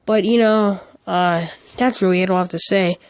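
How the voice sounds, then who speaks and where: A man's voice: sits high, steady tone, moderate pace, smooth, dry recording. Rambling teenage boy telling a story. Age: teens. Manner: rambling, lots of "like" fillers and restarts. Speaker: storytime YouTuber. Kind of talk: casual storytime narration.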